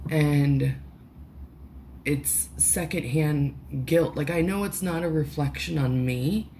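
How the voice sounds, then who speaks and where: Emotional lady vlogging, slow halting talk, lowish voice, bit of hiss behind. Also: warm tone. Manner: halting, full of "like" and restarts, swearing. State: emotional, close to tears. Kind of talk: emotional personal vlog. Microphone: headphones with mic.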